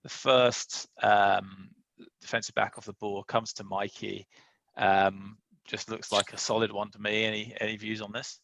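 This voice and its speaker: A low, gravelly man hosts a relaxed draft chat, thinking aloud and restarting his sentences. The sound is close and dry, with no room around it. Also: a little slow, no echo, poor audio. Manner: musing, hesitant, with many restarts and fillers. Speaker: league host leading a draft recap. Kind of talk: casual chat.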